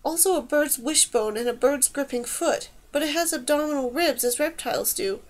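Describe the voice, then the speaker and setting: A woman voicing a thoughtful male mage master in an audiobook, speaking in a measured, explanatory way. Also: sits high, close to an everyday voice. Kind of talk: audiobook character voice.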